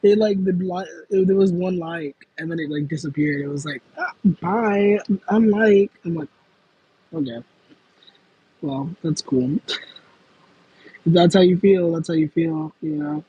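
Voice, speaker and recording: A man's voice: a little high, fairly even intonation, moderate pace, lo-fi sound, slight background noise. A young man chatting casually on a livestream, answering viewer comments in a rambling, self-aware way. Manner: rambling, self-aware, with frequent fillers and laughs. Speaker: livestream host.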